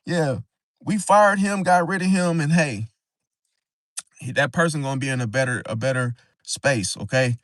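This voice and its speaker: A man's voice: on the high side, moderate pace, a bit bright, no room sound. A man hosting an astrology livestream, talking in an emphatic, preachy way and often tagging "see?" onto his points. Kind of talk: casual livestream talk.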